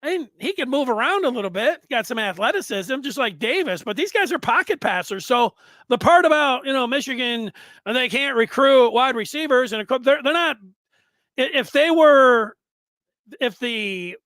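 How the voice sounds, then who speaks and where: A man's voice: very high-pitched, expressive, normal speed, a bit bright, dry recording. A man in his fifties hosting a sports podcast, talking in a rambling, conversational way with asides and restarts. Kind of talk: casual sports podcast commentary.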